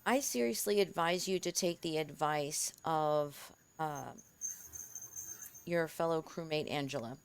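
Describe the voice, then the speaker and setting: A woman player speaking in character, formal and measured as she advises the captain. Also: low-pitched, smooth.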